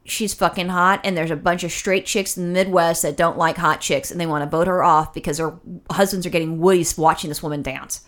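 A woman's voice: on the low side, steady tone, fairly quick, hardly any pauses, a bit bright. A woman co-hosting a casual chat, telling a story with lots of swearing and acted-out quotes.

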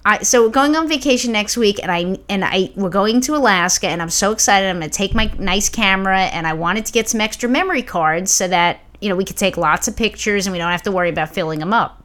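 A woman co-hosting a podcast in casual chat, telling stories in an animated, rambling way. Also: medium pitch, fast talker, hardly any pauses. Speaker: podcast co-host.

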